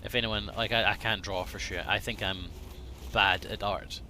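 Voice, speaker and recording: A man's voice: fairly low pitch, fairly even intonation, moderate pace, pushed and bright, a little hiss or hum. A man chatting casually on a live game stream, rambling, self-deprecating and swearing freely, sometimes muttering to himself.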